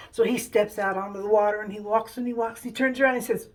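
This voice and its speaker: A woman's voice: mid-range voice, fast talker, few pauses, a bit bright. Rambling chatty woman telling a story. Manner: rambling, chatty, many fillers. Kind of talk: comic retelling of a Bible story.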